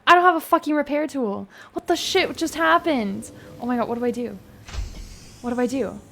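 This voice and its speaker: A young woman streaming a game live, excitable and laughing often, swearing freely and using casual gamer slang. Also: sits high, moderate pace, gravelly. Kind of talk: live-streamed gameplay chat.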